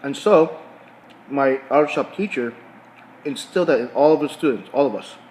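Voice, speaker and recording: A man's voice: mid-range voice, normal speed, darkish tone, slight background noise, rough recording. Middle-aged man vlogging between bites. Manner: repeats words and restarts phrases while storytelling; talks while chewing food. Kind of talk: casual vlog monologue.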